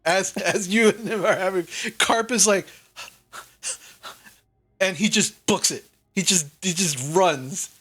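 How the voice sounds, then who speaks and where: A woman's voice: lowish voice, fairly bright tone, husky. A woman narrating as game master of a tabletop game, casual and laughing often. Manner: laughing, quick, loose narration.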